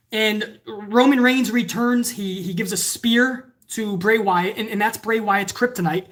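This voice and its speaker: A woman giving a casual, sarcastic and profane wrestling review, now and then acting out fans in shouted voices. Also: a little high. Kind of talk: casual ranting commentary.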